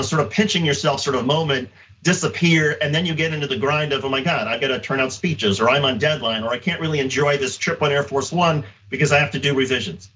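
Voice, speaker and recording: A man's voice: medium pitch, a bit bright, recorded from a distance, lo-fi sound. A man hosting an interview, asking long, rambling questions full of fillers. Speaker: host. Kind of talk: interview host.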